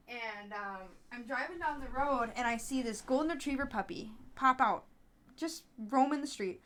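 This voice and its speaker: A chatty woman with a slightly high voice tells stories in a casual podcast interview. She talks in an animated way, full of fillers and restarts, and jumps into high-pitched voices when she acts out other people. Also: a little hiss or hum. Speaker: podcast host, app founder being interviewed.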